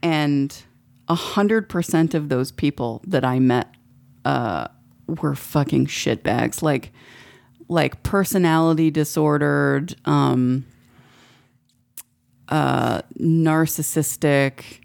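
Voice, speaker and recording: Low gravelly woman, slow rambling podcast chat, swears a lot. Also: a little mellow. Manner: rambling, frequent profanity. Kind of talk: casual chat.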